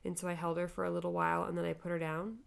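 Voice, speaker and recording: A woman's voice: fairly low pitch, little pitch movement, rapid-fire, creaky, noisy background. A young woman co-hosting a candid chat, telling stories and acting out what others said. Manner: chatty storyteller, acts out quoted voices. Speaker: podcast co-host.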